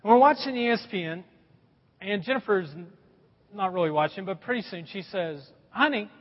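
A man's voice: fairly quick, big-room sound, dull audio. A middle-aged man preaching a sermon as a pastor, telling stories with a lot of swings in his voice. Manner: animated storytelling with a lot of pitch swings.

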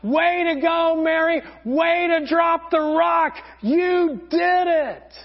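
A man voicing a crowd of people on a boat, shouting encouragement in a high, raised voice. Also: takes it slowly, exaggerated voice. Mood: cheering. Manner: shouting, urgent. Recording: dull lo-fi sound.

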